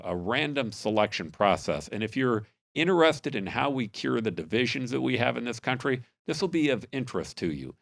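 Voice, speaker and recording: A man's voice: lowish voice, no echo. A man hosting a podcast, giving an earnest, upbeat intro and then interviewing his guests. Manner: earnest, patriotic, animated. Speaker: podcast host.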